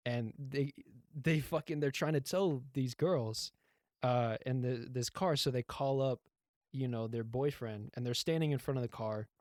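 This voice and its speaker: A man's voice: medium pitch, measured pace, darkish tone, no room sound, studio quality. A young man co-hosting a podcast, recapping a show in a rambling, profane way and acting out the lines he quotes. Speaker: podcast co-host. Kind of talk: casual chat, recapping a TV show.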